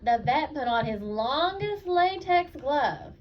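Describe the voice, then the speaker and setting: A woman teacher reads picture books aloud to a child, asking questions and encouraging answers. Her voice is high, and she takes her time. The recording is slightly dull, with faint noise behind it. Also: slow pace. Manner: animated, encouraging, asks questions.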